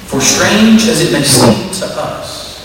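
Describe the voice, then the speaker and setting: A man's voice: a little high, lively intonation, slow, background noise. A man voicing a senior, experienced angel who explains things solemnly and a little stiffly. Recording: echoey hall from far off.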